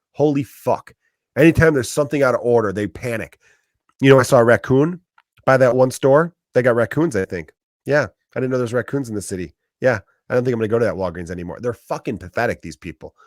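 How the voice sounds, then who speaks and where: In a dry, clean studio recording, a comedian with a medium-pitched, darkish voice rants on his podcast. He's a man in his thirties with a Chicago accent, delivering a profane comedic monologue and performing the voices of people he quotes.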